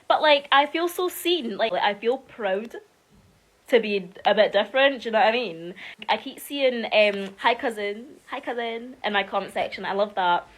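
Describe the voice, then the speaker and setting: A woman's voice: medium pitch, animated, moderate pace, fairly bright tone, low-quality recording. A woman from Scotland with a Scottish accent, chatting casually to the camera with many "like" fillers.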